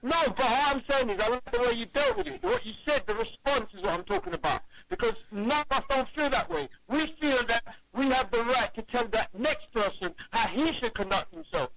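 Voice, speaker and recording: A man's voice: extremely high pitch, very animated, brisk, gravelly, hardly any pauses, background noise. A man calling into a radio talk show, talking emphatically, repeating and stumbling over his words. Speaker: caller. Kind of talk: casual phone-in chat.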